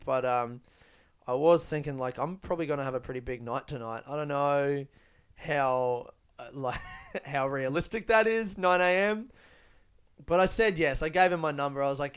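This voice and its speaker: A man with a slightly high, clear, resonant voice talks a little fast while hosting his own podcast. A stand-up comedian, he tells a rambling, profane, self-deprecating story about his comedy gigs in casual solo storytelling.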